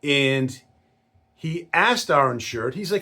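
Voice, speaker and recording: A man telling a story from his work in insurance in a casual way, acting out the people in it with lively voices. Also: mid-range voice, slow, breathy edge. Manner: animated storyteller who acts out quoted voices.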